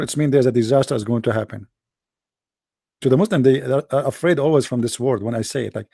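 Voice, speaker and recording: Gravelly, sarcastic male host. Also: mid-range voice, a little fast, pauses often, mellow, no room sound, studio quality. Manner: sarcastic, mocking. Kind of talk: livestream talk to an audience.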